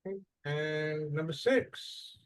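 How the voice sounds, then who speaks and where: A man's voice: on the high side, slow, clean tone. A man teaching English in a classroom, quizzing students and stressing syllables as he models words. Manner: lively questioning, drawing out word stress. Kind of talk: classroom lesson.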